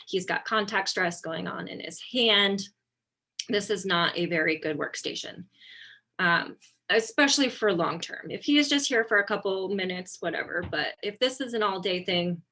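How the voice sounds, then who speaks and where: Over slides, a lower-voiced woman teaches an informal webinar as an occupational therapist. She keeps it relaxed and chatty, often saying um and correcting herself.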